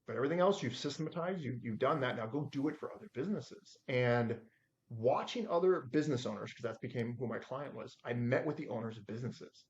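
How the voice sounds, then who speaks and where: A man in his forties telling stories as a podcast guest, acting out the quotes with lively shifts in voice. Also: mid-range voice, fairly quick, dull audio. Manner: animated storyteller acting out his own quotes. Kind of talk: storytelling in a podcast interview.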